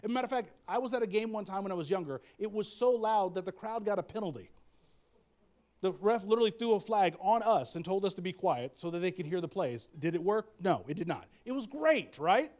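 Animated, joking man preaching a sermon. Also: high voice, fairly quick. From American Midwest. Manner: animated, humorous, conversational with many restarts. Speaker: pastor.

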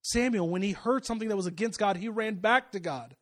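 A pastor preaching a sermon and telling a personal story, moving from loud, rising exhortation to quiet, confiding asides. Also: male voice, high-pitched, a little fast.

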